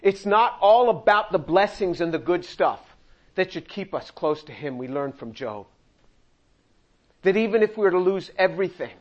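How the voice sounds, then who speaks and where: A man's voice: sits high, expressive, moderate pace, dull audio. A man preaching a sermon, reading scripture aloud and acting out the quoted lines with humor. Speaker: pastor.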